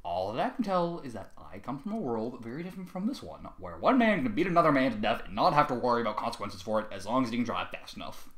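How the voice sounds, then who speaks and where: A man's voice: mid-range voice, sing-song, fast talker, hardly any pauses, reverberant. A man putting on an unhinged, foul-mouthed thug. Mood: mock-polite. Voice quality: explosive shouting, profane threats. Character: volatile, foul-mouthed middle-aged human man.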